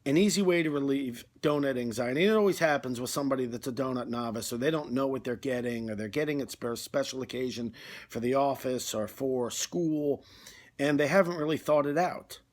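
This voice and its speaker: Man, deadpan comic monologue, rambling and chatty, mid-range pitch. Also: a little fast. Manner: rambling, conversational, with fillers. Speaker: comedy video host.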